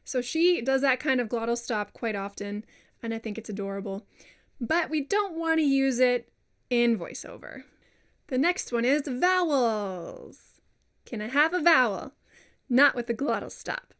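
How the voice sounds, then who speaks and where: In this relaxed teaching talk, a female voiceover coach chats, pokes fun at herself, and voices sample words as demonstrations. She sounds expressive and fairly bright, with a fairly high pitch and a slightly slow pace.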